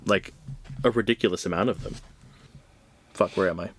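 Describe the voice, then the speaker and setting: A man's voice: low voice, moderate pace, a little hiss or hum. A man co-hosting a podcast, recapping a comic book in loose, profane casual chat full of "like"s. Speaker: podcast co-host.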